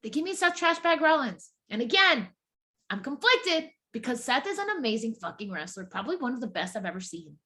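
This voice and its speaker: A woman co-hosting a podcast in casual chat, animated and swearing often, restarting her sentences as she goes. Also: high voice, fairly quick. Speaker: podcast co-host.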